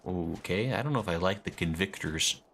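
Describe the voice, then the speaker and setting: A man's voice: low voice, expressive, moderate pace, fairly bright tone, slight background noise. A man streaming a game, joking around and chatting with his viewers. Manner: playful, chats with viewers. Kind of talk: casual live-stream commentary.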